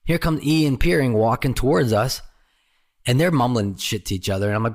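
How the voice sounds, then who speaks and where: A man with a somewhat low voice tells stories in casual conversation. He is animated, jumps into other people's voices and swears freely. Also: fast talker. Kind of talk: casual storytelling chat.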